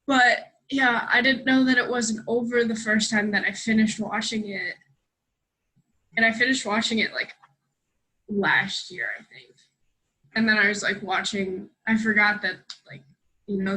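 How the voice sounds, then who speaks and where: A young woman co-hosting a podcast, rambling excitably in casual chat and swearing freely. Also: mid-range voice, moderate pace, low-quality recording. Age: young adult. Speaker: podcast co-host.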